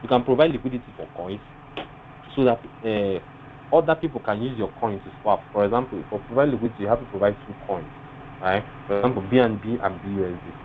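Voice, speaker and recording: A man teaching a live webinar, often pausing to ask his class rhetorical fill-in questions. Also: on the low side. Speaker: webinar instructor. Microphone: online call mic. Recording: tinny phone-like line with faint noise.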